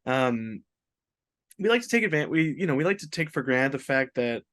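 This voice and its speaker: A man co-hosting a casual podcast, explaining his ideas in a measured, thoughtful way with frequent "um" pauses. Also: mid-range voice, sing-song, fairly bright tone, no room sound. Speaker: podcast co-host. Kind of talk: casual advice chat.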